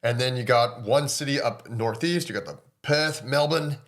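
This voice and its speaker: A man's voice: medium pitch, normal speed, fairly bright tone. A young man co-hosting a podcast, recapping scenes in casual chat and acting out the characters' lines. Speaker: podcast co-host.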